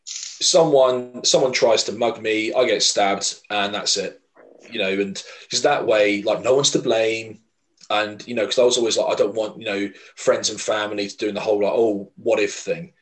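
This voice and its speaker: A man's voice: fairly low pitch, moderate pace, fairly bright tone, poor audio. A man co-hosting a podcast, talking earnestly in a rambling way with many fillers and restarts. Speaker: podcast co-host. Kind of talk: casual podcast chat.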